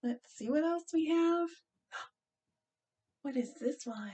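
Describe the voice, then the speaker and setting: A woman children's librarian leading a storytime with a gentle, encouraging, sing-song way of talking to young children. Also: fairly high pitch, measured pace, pauses often.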